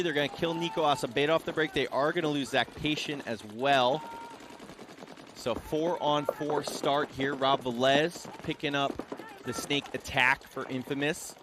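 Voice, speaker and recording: A man from Rhode Island doing live play-by-play commentary, calling the action quickly and energetically. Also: mid-range voice, background noise. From Rhode Island, US Northeast.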